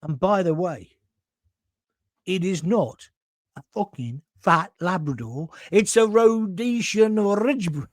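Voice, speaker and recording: A man's voice: fairly high pitch, a little slow, pauses often, dry recording. Give me a man playing a blunt, scornful landlord with a dry voice. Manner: curt, deadpan put-downs. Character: gruff older male pub landlord, blunt and rude.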